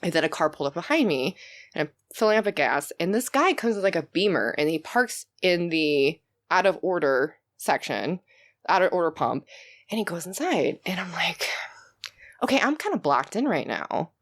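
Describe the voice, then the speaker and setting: A young woman, a podcast guest, telling stories in casual chat, animated and laughing, sometimes shouting as she acts out what she said. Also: on the low side, normal speed. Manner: animated, laughing, swings into loud shouted retellings.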